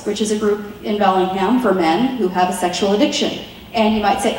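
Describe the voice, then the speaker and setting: A woman's voice: medium pitch, fairly quick, a little mellow, slight background noise. A woman giving an earnest, chatty teaching talk to wives, often acting out what to say. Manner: earnest and chatty, slips into quoted dialogue. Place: meeting room. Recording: very echoey room from far off.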